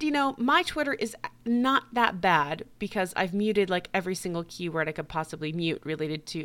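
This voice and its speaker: Profane, ranting woman podcast host. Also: medium pitch. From United States. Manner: blunt, profane, laughing, animated. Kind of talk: casual monologue rant.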